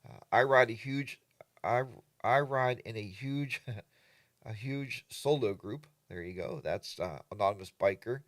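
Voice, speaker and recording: An older man hosting a relaxed live chat, reading viewer comments and mimicking other riders in exaggerated voices. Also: mid-range voice, measured pace, no room sound, clean studio sound. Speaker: livestream host.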